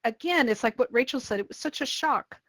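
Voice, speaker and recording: A woman hosting a casual panel chat, telling lively stories and acting out what people said. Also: fairly high pitch, brisk, dry recording, low-quality recording. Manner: animated storyteller, acts out quotes. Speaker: host and VR community moderator.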